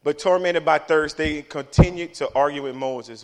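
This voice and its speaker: A man preaching a sermon, swinging from hushed remarks to shouting and tossing in joking asides. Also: fairly high pitch, moderate pace.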